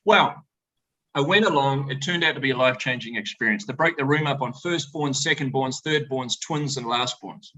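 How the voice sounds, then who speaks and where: A middle-aged man, a winemaker, telling animated, joking stories to a tasting audience over a video call. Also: mid-range voice, normal speed, low-quality recording. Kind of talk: storytelling talk to a tasting audience. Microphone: video call presentation.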